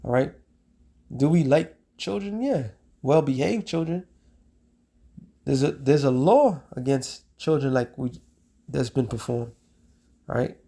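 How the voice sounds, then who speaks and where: A man preaching a street sermon, reading scripture slowly and breaking into slang while checking in with "all right?". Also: medium pitch, animated, creaky, mellow. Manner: reads scripture in a slowed, drawn-out cadence.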